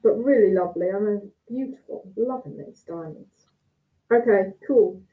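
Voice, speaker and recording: A woman talks her way through a cheese tasting, chatty and thinking aloud as she cuts and samples. Her voice sits at an ordinary middle pitch. It comes through a thin, phone-like video call line. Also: normal speed, slight background noise. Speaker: cheese judge. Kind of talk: casual judging chat over a video call. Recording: tinny phone-like call audio.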